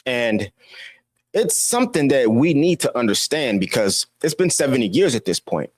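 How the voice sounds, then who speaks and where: A man's voice: mid-range voice, very animated, normal speed, no room sound, studio quality. A man giving an opinion monologue as a commentator, preachy and scolding, firing off rhetorical questions. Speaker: political commentator.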